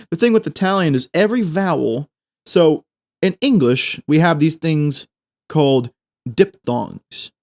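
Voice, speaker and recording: A young man, hosting a podcast and chatting casually through a language lesson, repeating phrases slowly as he explains. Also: on the high side, animated, darkish tone. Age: 20s. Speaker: podcast host.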